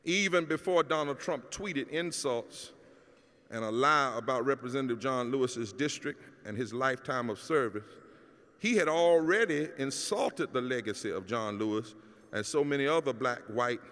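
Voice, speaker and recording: A middle-aged man, a pastor giving a keynote address, preaching in a rousing cadence that climbs to shouts. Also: mid-range voice, animated, moderate pace. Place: large hall at a public celebration. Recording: long hall reverb.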